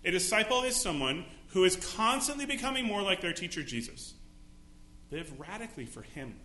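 A man preaches in an echoey church, his fairly high, bright voice carrying over a faint hum. He delivers a sermon, acting out little scenes in different voices to make his point. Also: sing-song, fairly quick. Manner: preaching with dramatic acted-out quotes. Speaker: pastor. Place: church sanctuary.

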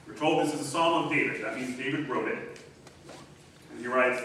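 A man preaching a sermon as pastor, reading scripture aloud slowly and with emphasis. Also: mid-range voice, bright, forceful tone, slight background noise. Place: church sanctuary. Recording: echoey church from a distance.

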